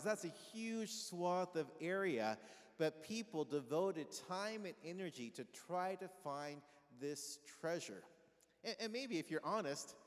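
A pastor giving a conversational sermon, asking his congregation questions and having them call back answers. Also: fairly high pitch. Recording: long reverb of a large hall.

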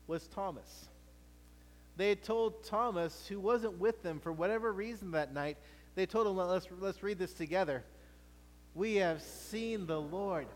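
A man preaching a sermon as pastor, animated and playful, often restarting his words. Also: sits high, in a large hall.

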